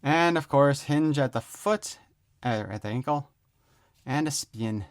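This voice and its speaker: A man's voice: medium pitch, measured pace. A man giving a casual, rambling toy unboxing review, joking around and swearing offhandedly.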